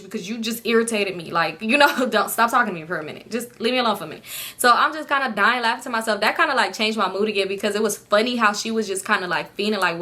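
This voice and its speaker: Bright-voiced young woman telling a story. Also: fairly high pitch. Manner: animated, acts out friends' lines with profanity. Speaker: storytime vlogger. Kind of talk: casual storytelling to viewers.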